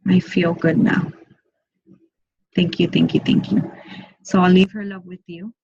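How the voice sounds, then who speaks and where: A woman working as a medium, giving an online group reading in a soft, slow, repetitive way and often speaking in first person for the spirit. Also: lowish voice, little pitch movement, creaky, slightly rough, highs cut off.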